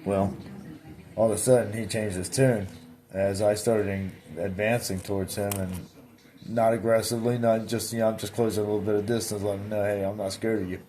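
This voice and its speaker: Low mellow-voiced man telling a story. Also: brisk. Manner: animated, reenacts his own replies with repeated "I said"; blunt, plainspoken. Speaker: vlogger. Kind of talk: casual storytelling.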